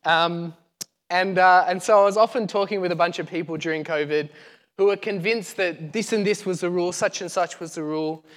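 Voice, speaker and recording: Chatty preacher in a reverberant hall. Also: male voice, high-pitched, brisk, a bit bright. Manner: chatty, joking with the congregation. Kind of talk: casual sermon. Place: church hall. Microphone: lapel mic.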